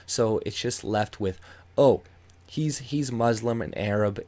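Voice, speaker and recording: A man ranting angrily and sarcastically with heavy swearing while reading out and reacting to a news article. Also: mid-range voice. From Canada. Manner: angry, profane, sarcastic ranting. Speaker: YouTube commentator.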